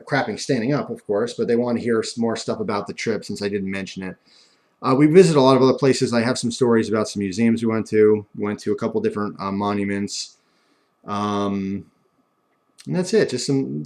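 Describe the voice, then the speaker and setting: Rambling, low-voiced young man telling stories. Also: a little mellow. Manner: rambling, self-mocking, frequent restarts and laughs. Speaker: vlogger. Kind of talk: casual storytelling.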